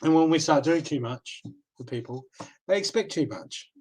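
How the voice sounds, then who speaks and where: A man's voice: on the high side, animated, moderate pace, a little mellow, slightly rough, low-quality recording. Chatty Australian man reading cards. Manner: reassuring, repeats "okay?" often. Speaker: card reader. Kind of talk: live card reading stream.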